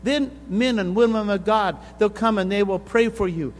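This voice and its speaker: Older male preacher, high pitch, storytelling sermon with fervent build, long hall reverb. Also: moderate pace. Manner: storytelling, rising to intense emphasis. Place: conference hall. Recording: reverberant hall with faint hum.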